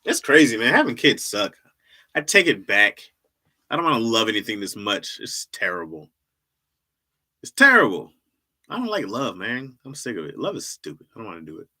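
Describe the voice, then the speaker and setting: A man's voice: lowish voice, animated, fairly quick, pushed and bright. A man hosting a livestream in casual chat, rambling and joking and laughing often. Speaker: livestream host.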